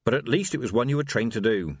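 Man, audiobook narrator, expressive, wry, lively pitch, dry close studio sound. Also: fast, husky, no room sound. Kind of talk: scripted narration.

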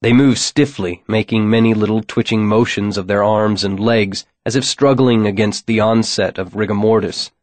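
A man reading a first-person audiobook in a measured, wry, descriptive manner. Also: lowish voice, steady tone, no room sound. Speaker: audiobook narrator.

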